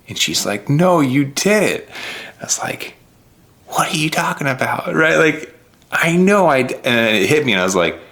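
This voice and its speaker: Guy telling his race story all heartfelt, low and kinda gravelly, gets choked up. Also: pushed and bright. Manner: earnest, heartfelt, voice choking up at times. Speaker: vlogger. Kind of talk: emotional race recap.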